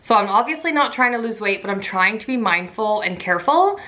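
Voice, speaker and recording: A woman's voice: medium pitch, lively intonation, a little fast, bright, forceful tone. A young pregnant woman in casual vlog chat, chatty and full of "like". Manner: chatty, says "like" often. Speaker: pregnancy vlogger.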